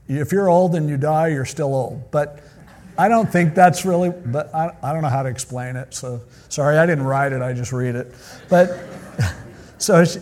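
A man's voice: a little high, darkish tone. Joking, chatty male pastor. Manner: casual, joking, chatty asides. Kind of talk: Bible teaching sermon.

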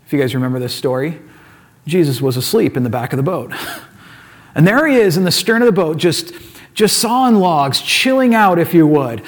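A male pastor preaching a sermon, retelling scripture stories in an animated, casual way and acting out the characters' lines. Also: a little high, moderate pace.

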